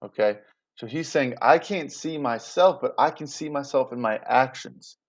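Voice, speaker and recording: A man with a medium-pitched voice talks at a normal speed while teaching a class. His style is casual and chatty, and he keeps checking in with students using phrases like "right?" and "you guys."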